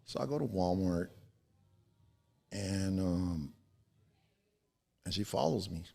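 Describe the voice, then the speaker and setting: A man in his forties guests on a podcast and tells a story slowly in a low, gravelly, mellow voice with expressive delivery. He's laid-back and slangy, swearing and checking in with "right?"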